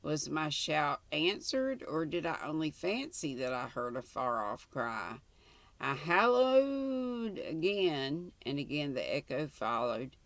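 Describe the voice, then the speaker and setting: Slow, gravelly older woman reading a story. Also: rumbling low, expressive, fairly bright tone, dry recording. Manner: slow, measured, plain reading with small slips. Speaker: channel host, story reader.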